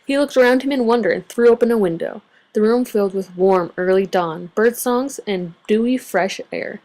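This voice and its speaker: Expressive woman reading a picture book aloud. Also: mid-range voice, moderate pace. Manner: expressive, varied storytelling delivery. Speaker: storybook reader.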